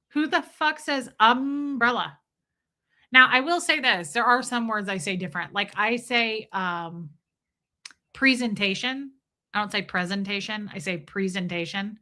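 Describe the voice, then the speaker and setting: A woman's voice: a little high, brisk, hardly any pauses. A woman hosting a livestream and reading viewer messages in casual, playful chat, swearing freely and slipping into mock voices. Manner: playful and animated, breaks into bits of song and mock voices. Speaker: livestream host reading viewer super chats.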